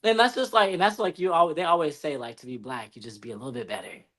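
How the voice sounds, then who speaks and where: A woman's voice: sits low, quick pace, fairly bright tone. A woman on a podcast panel talking frankly and laughing as she shares experiences. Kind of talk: casual chat.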